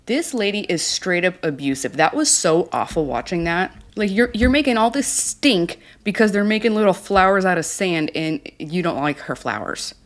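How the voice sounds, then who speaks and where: A woman's voice: fairly low pitch, lively intonation, normal speed, few pauses. A woman casually recapping a reality show, blunt, snarky and exasperated.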